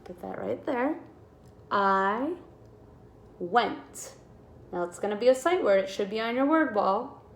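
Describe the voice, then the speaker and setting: A woman teaching a kindergarten writing lesson, sounding out letters slowly and encouraging young children. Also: fairly high pitch, expressive, vocal fry, echoey room, slight background noise.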